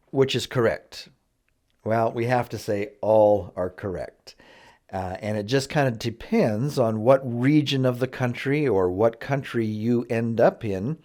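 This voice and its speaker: A man teaching vocabulary in a slow, careful lesson, patiently drawing out each word for learners to repeat. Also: fairly low pitch, a little mellow. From Canada. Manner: patient, drawn-out word drills. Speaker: English teacher.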